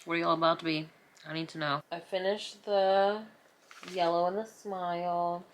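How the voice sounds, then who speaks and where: While painting, a thirtysomething vlogger from New Jersey rambles along in casual, self-mocking, playfully dramatic chat. Her voice is on the low side and steady at normal speed, with slight background noise on the camera mic.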